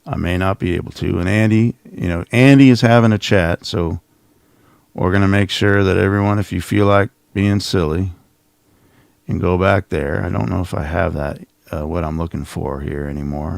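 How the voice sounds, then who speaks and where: A middle-aged man with a low, gravelly voice and plenty of vocal fry rambles sarcastically through a casual livestream. He speaks close to the mic in a dry, dead room, with a mocking, offhand tone. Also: steady tone, normal speed, a little mellow, no echo. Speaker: channel host. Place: home office.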